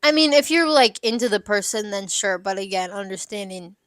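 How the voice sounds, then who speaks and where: A young woman talks through listener questions in a chatty, candid way, full of "like" and quick asides. Her voice sits at a middling pitch and sounds close and dry, with no room around it. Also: no room sound. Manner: chatty and candid, many "like" fillers, lively asides. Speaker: advice show host. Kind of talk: casual advice chat.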